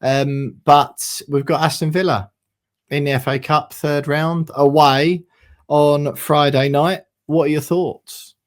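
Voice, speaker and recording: A man's voice: a little high, flat delivery, takes it slowly. A man hosting a casual football podcast, chatty and easygoing, who laughs often. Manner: chatty, laughs easily, says mate. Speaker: podcast host.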